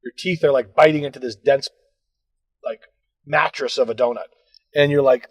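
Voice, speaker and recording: A man's voice: medium pitch, fairly even intonation, moderate pace, long reverb tail, low-quality recording. A man telling a rambling comic story about himself, scolding himself and swearing as the rants build. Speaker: podcast co-host telling a story.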